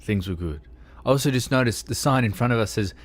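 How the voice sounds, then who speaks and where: A man's voice: mid-range voice, quick pace. An Australian man chatting casually while livestreaming a driving game, joking, swearing and poking fun at himself. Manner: joking, swears freely, self-deprecating. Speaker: game streamer.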